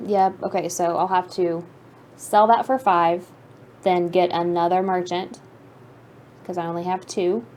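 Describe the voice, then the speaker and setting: A woman at a game table plans her turn out loud, step by step. Her voice sits on the lower side, and a faint hiss runs underneath. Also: fairly even intonation, measured pace, pauses often. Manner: talks through her moves aloud. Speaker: player on a board game stream. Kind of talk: casual game-table chat.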